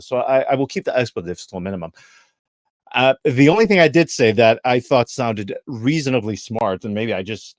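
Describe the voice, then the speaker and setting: A man's voice: on the low side, no room sound, studio quality. A man in his thirties co-hosting a podcast, ranting in an exasperated, emphatic way and repeating his points. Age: 30s. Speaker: podcast co-host. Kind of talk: heated podcast rant.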